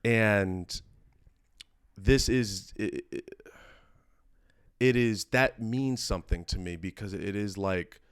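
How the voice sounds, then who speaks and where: A man's voice: on the low side, smooth, no room sound, clean studio sound. A man hosting a podcast in casual conversation, earnest and reflective, often restarting his sentences. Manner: earnest and halting, full of restarts; emotional and reflective. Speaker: podcast host.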